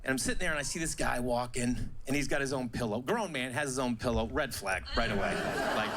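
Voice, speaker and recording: A man's voice: medium pitch, fast talker, noisy background. A male stand-up comedian telling stories on a club stage in a conversational, self-mocking way, into a handheld mic.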